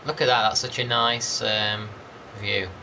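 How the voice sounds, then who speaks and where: Rambling man with a forceful voice. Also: lowish voice, flat delivery, measured pace, slight background noise. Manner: rambling, chatty, greets viewers by name. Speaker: gaming channel host. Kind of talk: casual gameplay commentary.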